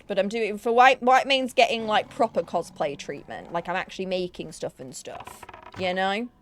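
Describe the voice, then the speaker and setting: A young woman chats away on her live gaming stream. She sounds bubbly and talkative, and she is quick to poke fun at herself. Her voice sits at an ordinary middle pitch. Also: a bit bright. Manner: bubbly, chatty and self-mocking. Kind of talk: casual live-stream chat while gaming.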